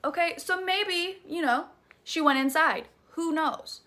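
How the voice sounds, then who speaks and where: A woman's voice: very high-pitched, unhurried, bright, forceful tone. A young woman with a Southern US accent, dramatically telling a scary story in a chatty, profane, casual way. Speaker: TikTok creator.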